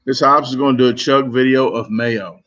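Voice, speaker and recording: A man's voice: medium pitch, fairly even intonation, brisk, fairly bright tone, lo-fi sound. A man chatting casually on a live stream, answering viewers and telling rambling stories that keep doubling back. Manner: rambling, self-interrupting storytelling. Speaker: competitive eater streamer. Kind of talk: casual live chat reading comments.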